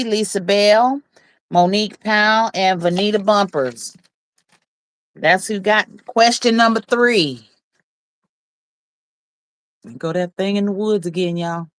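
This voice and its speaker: A woman's voice: medium pitch, dry recording. A woman hosting a casual livestream, reading viewers' comments aloud, teasing them and laughing often. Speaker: livestream host.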